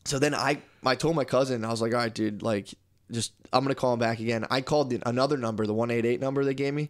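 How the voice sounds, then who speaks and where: A young man in casual podcast chat, rambling through a story and swearing freely. His voice sits at an ordinary pitch, and he acts out both ends of phone calls as he goes. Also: steady tone, fast talker. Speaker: podcast co-host.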